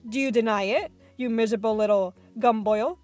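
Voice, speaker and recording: A woman's voice: a little high, a little fast, a little mellow, faint music behind, close to an everyday voice. A woman voicing a bellowing, tyrannical female headmistress in an audiobook reading, hurling harsh insults. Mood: ranting.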